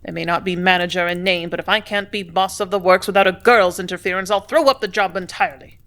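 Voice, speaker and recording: A woman reading a story, voicing a blustering male factory superintendent who speaks loudly and brusquely. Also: mid-range voice, fairly quick, natural voice. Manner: loud, brusque, bullying.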